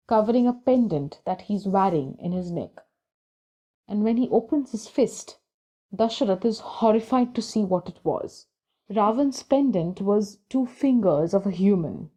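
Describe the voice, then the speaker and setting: A woman's voice: medium pitch, warm tone. A woman retelling a story from a book in a casual, conversational way, with occasional fillers.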